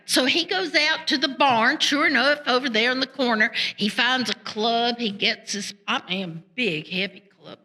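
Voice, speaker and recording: A woman's voice: on the high side, moderate pace, few pauses, sharp tone. A woman storyteller telling a folk tale in a folksy, conversational way with rural turns of speech.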